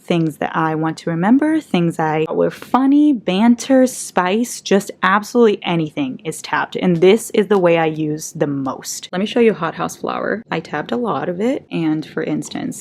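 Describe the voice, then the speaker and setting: A woman's voice: on the low side, lively intonation, normal speed, a little mellow. A woman book vlogger chatting casually to camera, gushing and swearing freely as she reads quotes aloud.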